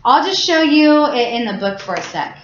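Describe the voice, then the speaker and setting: A woman's voice: high voice, big pitch swings, moderate pace. Woman teacher, casual and rambling, echoey lo-fi classroom recording. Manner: casual, explains with many fillers and restarts. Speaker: French teacher. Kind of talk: classroom lesson. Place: high school classroom. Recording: echoey classroom, dull lo-fi sound.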